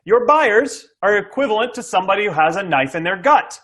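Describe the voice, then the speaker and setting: With a high-sitting, animated voice that moves a little fast and has a fairly bright tone, a middle-aged man talks sales tactics with an interviewer. He's a SaaS sales coach on as a guest, energetically voicing buyer exchanges and frequently checking "okay?".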